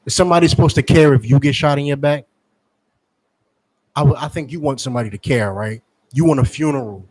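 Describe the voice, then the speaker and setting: Forceful man preaching on the street. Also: mid-range voice, quick pace. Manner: forceful, scolding, repetitive preaching.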